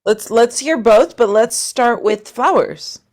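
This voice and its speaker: A woman's voice: fairly high pitch, lively intonation, slow pace, darkish tone. A woman coaching a singing workshop online, chatty and encouraging. She sounds upbeat as she talks students through their voices. Heard over a video call.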